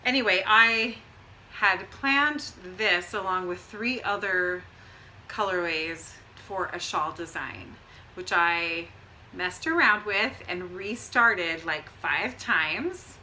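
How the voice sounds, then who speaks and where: A woman's voice: on the low side, slow pace, sharp tone, slight background noise, poor audio. A middle-aged woman co-hosting a knitting podcast, chatting casually with rambling asides and frequent laughs. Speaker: podcast co-host.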